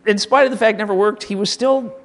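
A man's voice: sits high, fast. A man from Michigan telling comic anecdotes about his old school teachers in a casual storytelling style. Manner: animated, comic, acts out quotes, frequent restarts.

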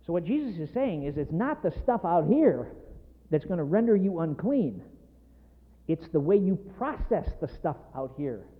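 A middle-aged man preaching a sermon with emphatic, passionate delivery that builds in intensity. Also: a little high. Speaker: pastor. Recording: tinny phone-like sound in a reverberant hall.

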